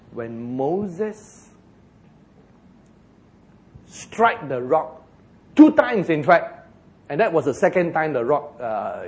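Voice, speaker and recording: A man preaching a sermon in a Singaporean English accent. He is animated and joking, and he slows down for emphasis. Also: medium pitch.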